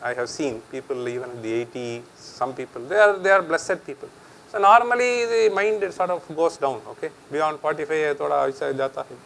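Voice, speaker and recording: A man's voice: on the high side, fairly even intonation, quick pace, creaky, fairly bright tone, poor audio. A middle-aged man with an Indian accent giving a chatty public lecture, switching between English and Hindi and laughing often.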